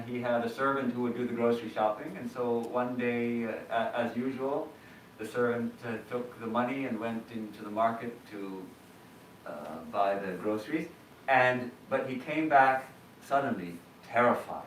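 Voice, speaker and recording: A man, a monk, giving a measured and reflective sermon with hesitations in a temple hall. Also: lowish voice, slight background noise. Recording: roomy hall, distant mic.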